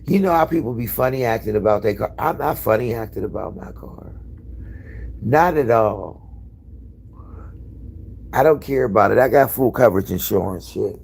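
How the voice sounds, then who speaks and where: A man's voice: on the low side, animated, normal speed, gravelly, pauses often, a little mellow, a little hiss or hum. A man hosting a live stream in casual, candid chat, rambling and swearing freely. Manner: candid, profane, rambling storyteller.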